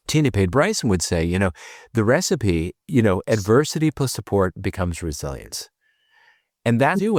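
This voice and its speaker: Podcast guest, a man: teary and earnest, fast and rambling, with a low, lively voice. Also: no room sound, clean studio sound. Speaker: podcast guest, tutoring expert. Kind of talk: emotional conversational storytelling.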